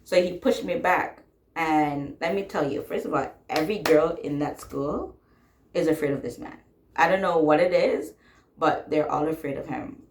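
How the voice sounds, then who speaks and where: A woman's voice: low-pitched, moderate pace, roomy sound, slight background noise. A young woman casually telling a personal story, blunt and sassy, swearing freely and laughing as she talks.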